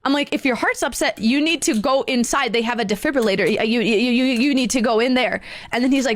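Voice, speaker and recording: Woman storyteller, high voice, excitable, does all the voices, very dry mic. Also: fast talker, hardly any pauses, no echo. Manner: excitable, acts out every voice in the story, laughs often. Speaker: streamer. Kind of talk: animated storytelling.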